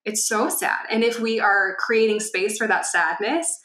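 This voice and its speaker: A woman co-hosting a podcast, explaining ideas in a casual, animated way and sometimes acting out a child's voice. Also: mid-range voice, measured pace, echoey room. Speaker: podcast co-host.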